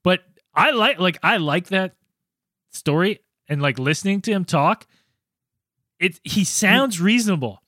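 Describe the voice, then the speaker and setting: A man's voice: sits high, animated, measured pace, bright, forceful tone, no echo, studio quality. A man co-hosting a podcast, bantering loosely with jokes and swearing. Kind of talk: casual banter.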